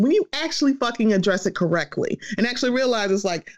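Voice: medium pitch, quick pace, hardly any pauses. A podcast host talking in a casual, heated chat, swearing freely and acting out other people's voices. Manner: animated, profane, acts out quoted voices.

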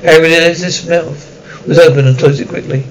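Guy reading an audiobook, trips over words now and then, slightly high voice, faint hiss. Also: steady tone, rough recording. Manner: halting reading with slips and restarts. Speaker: audiobook narrator. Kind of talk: storybook narration.

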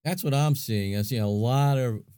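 A male podcast co-host chats casually, thinking out loud and using lots of fillers. His mid-range voice is warm and smooth, delivered at a moderate pace. The recording is dry and studio-clean.

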